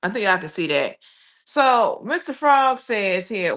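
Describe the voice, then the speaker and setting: Woman hosting a livestream, reads chat out loud and reacts quick, chatty and relaxed. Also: medium pitch. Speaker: livestream host reading chat. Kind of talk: casual live chat.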